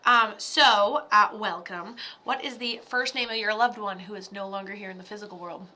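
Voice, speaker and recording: A woman's voice: mid-range voice, normal speed, sharp tone. A woman giving psychic mediumship readings on a live stream, talking in a blunt, profane, pep-talk way.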